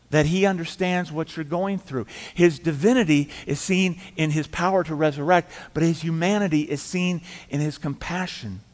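Middle-aged pastor preaching in a reverberant church. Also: male voice, fairly high pitch. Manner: conversational storytelling, acting out quoted voices, dropping quiet for emphasis. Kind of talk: sermon. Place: church sanctuary.

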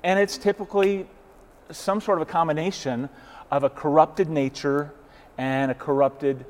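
A man's voice: on the high side, steady tone, moderate pace. A man in a casual faith discussion who speaks earnestly and often repeats words as he starts a thought.

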